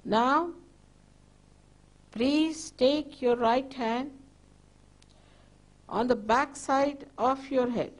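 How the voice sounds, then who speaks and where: An older woman leads a guided meditation in a slightly high voice. She speaks very slowly and gently, and she repeats her instructions patiently. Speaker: spiritual teacher.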